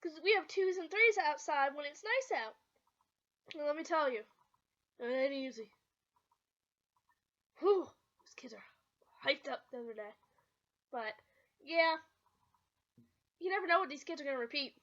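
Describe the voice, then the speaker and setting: A woman's voice: sits high, animated, a little slow, long pauses, fairly bright tone. A young woman vlogging casually from her bedroom, telling rambling stories with lots of giggles. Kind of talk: casual storytelling to camera. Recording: slightly dull lo-fi home recording.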